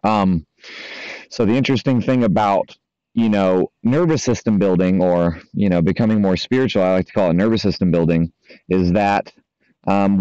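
Man, coach type, loose casual monologue, lowish voice, dry dull lo-fi sound. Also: darkish tone, smooth, no echo. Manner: loose and conversational, heavy fillers and swearing. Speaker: spiritual coach. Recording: dry, slightly dull lo-fi audio.

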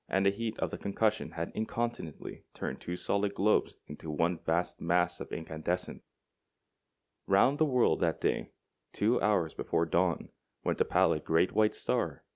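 A male audiobook narrator with a very deep voice, reading a classic story aloud. His delivery is measured and deliberate. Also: a little mellow. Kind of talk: scripted narration.

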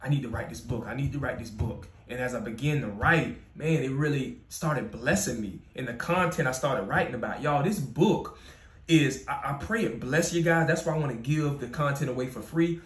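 A man's voice: medium pitch, lively intonation, normal speed. Emphatic preacherly man in an echoey room. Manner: preacherly, builds to emphatic repeated declarations. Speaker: podcast host. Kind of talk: motivational Christian podcast talk. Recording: roomy echo.

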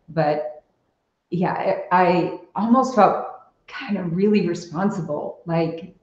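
Podcast guest: woman, lowish voice, reflective storyteller, roomy dull-sounding recording. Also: a little mellow. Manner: reflective storytelling with frequent fillers. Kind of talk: casual conversational interview.

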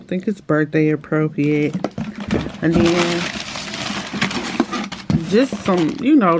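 Chatty, low-voiced woman vlogging at home. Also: background noise. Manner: relaxed, chatty, talks straight to her viewers. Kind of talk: casual vlog chat. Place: home, indoors.

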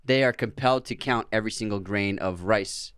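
A man's voice: fairly low pitch, brisk, a bit bright, clean tone, dry recording, studio quality. A man co-hosting a podcast in casual chat, eagerly explaining folklore. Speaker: podcast co-host.

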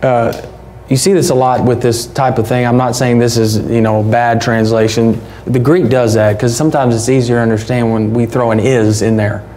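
A man's voice: mid-range voice, fairly even intonation, moderate pace, mellow, a little hiss or hum. A man, preaching a sermon as a pastor in a conversational, folksy way with rhetorical questions. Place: church.

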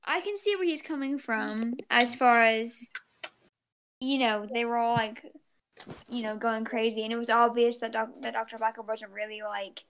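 Woman podcast co-host, a bit high, earnest and rambling. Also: fairly even intonation, normal speed, fairly bright tone, a little hiss or hum. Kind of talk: casual chat and read summary.

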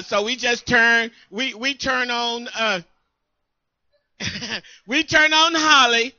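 A woman co-pastor preaching a sermon in an emphatic call-and-response style, often pausing for her congregation to answer. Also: on the high side, sharp tone, dry recording, highs cut off.

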